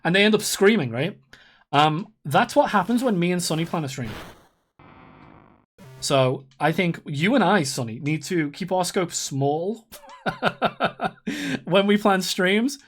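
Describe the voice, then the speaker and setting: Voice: mid-range voice, expressive, slow, long pauses. Rambling streamer in their thirties. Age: 30s. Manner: rambling, swears freely, laughs often. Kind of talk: casual live-stream chat while gaming.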